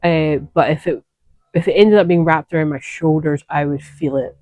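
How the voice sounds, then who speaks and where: A woman's voice: low voice, steady tone, normal speed, mellow, dry recording. A woman hosting a knitting podcast, chatting casually and wandering off on asides as she shows her projects. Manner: chatty, digressive, self-correcting.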